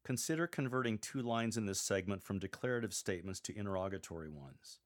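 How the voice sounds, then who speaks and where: A man's voice: fairly low pitch, animated, fast talker. A man teaching how to read scripture aloud, giving emphatic instructions with wry asides. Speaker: lector coach.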